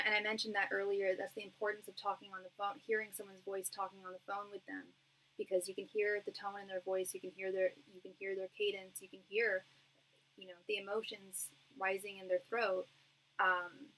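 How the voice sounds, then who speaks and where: A woman's voice: medium pitch, bright, forceful tone, low-quality recording. A young woman doing a live-stream tarot reading. She talks in a chatty, reassuring way, with lots of fillers and restarts. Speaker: tarot reader.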